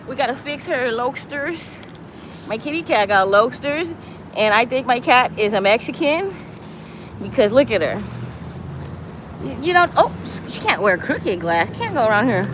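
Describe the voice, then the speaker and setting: High-voiced woman rambling on a street. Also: very animated, normal speed, noisy background. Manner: profane, meandering, talks to her cat in baby talk. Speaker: live streamer. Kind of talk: casual rambling livestream. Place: outdoors on a city street, walking.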